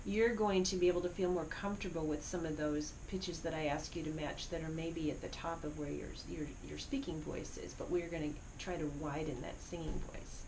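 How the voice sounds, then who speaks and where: A woman's voice: low-pitched, fairly even intonation, fairly quick, few pauses, background noise. A middle-aged woman teaching a singing lesson, encouraging students as she explains vocal exercises. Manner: encouraging, demonstrating vocal slides. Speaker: music teacher.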